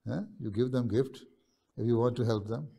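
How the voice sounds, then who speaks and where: A man acting as a religious leader answers students' questions over a video call, speaking in a measured, pausing way and often checking in with "right?". His medium-pitched voice is steady and dark, with vocal fry.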